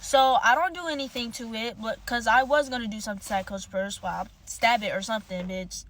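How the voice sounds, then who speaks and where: A woman's voice: on the high side, fairly quick, fairly bright tone. A young woman telling a storytime monologue, heated, profane and rambling.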